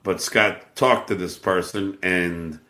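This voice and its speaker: A man's voice: sits low, fairly even intonation, takes it slowly, bright, forceful tone, echoey room. A man hosting a live show, talking casually and crudely and taking an unexpected call. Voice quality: crude, joking. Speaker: show host taking calls.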